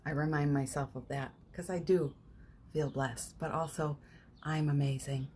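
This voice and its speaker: A woman hosting a live morning session as a spiritual coach, chatting casually and leading guided affirmations, with frequent laughs and soft, almost whispered phrases. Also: sits low, steady tone, unhurried, slight background noise. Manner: chatty, warm-hearted, laughs often, breaks into soft affirmations. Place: home, streaming live from her phone.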